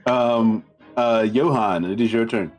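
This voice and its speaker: A man's voice: medium pitch, unhurried, faint music behind. A man running a tabletop game as dungeon master, narrating hesitantly with many fillers and restarts.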